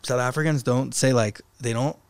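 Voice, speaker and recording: A man's voice: medium pitch, fairly even intonation, moderate pace, smooth, no room sound. A young man guesting on a podcast, chatting casually in a rambling way, full of fillers and restarts. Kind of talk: casual conversation.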